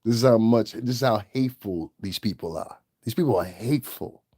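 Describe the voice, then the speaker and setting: A man's voice: fairly low pitch, fairly quick, darkish tone, no echo. Dude ranting on his channel, cussing a lot, scornful, dry close sound. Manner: profane, blunt and repetitive. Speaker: channel host. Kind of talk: ranting livestream commentary.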